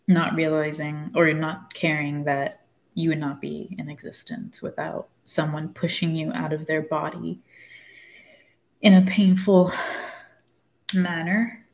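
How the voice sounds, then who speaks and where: A woman's voice: deep voice, darkish tone. A woman talking casually about a book she is reading, rambling and frank, losing her thread and swearing freely. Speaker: book discussion host. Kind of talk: casual spoken book commentary.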